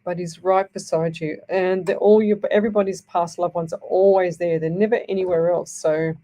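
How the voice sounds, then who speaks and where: A middle-aged woman hosts a live psychic radio show, rambling reassuringly and checking in with "okay?" during her readings. Her voice is on the low side and mellow, with fairly even intonation at a normal speed.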